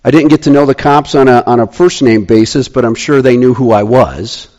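A man tells a story from his own life as part of a sermon. He talks at a middle pitch, building the tale with animated swings between excited rises and quiet, hushed drops. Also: a little fast, highs cut off.

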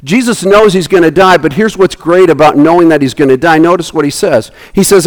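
A man preaching a sermon, animated, acting out the people in his story with big jumps in his voice and often restarting his phrases. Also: on the high side, normal speed, hardly any pauses. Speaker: pastor.

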